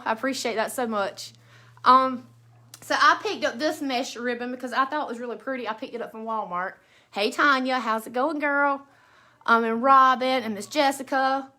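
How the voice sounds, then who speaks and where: Southern woman, bright high voice, homey live-stream crafter who chats with viewers by name. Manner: chatty, greets viewers by name, drawling. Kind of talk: casual live-stream chat. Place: at home beside a Christmas tree.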